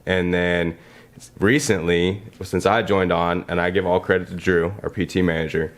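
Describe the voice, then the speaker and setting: A man's voice: sits low, little pitch movement, normal speed. A man, a gym co-owner and podcast guest, answering questions in an easygoing, casual way.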